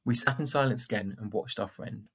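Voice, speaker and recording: A man reading a first-person storybook aloud in a steady, plain way, with a husky voice. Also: on the low side, brisk. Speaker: audiobook narrator.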